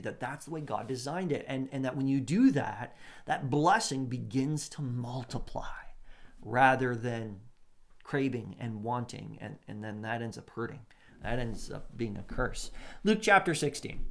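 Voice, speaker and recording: A man preaching a sermon, lively and conversational, with asides and short laughs as he acts out the quotes. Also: medium pitch, creaky. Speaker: pastor.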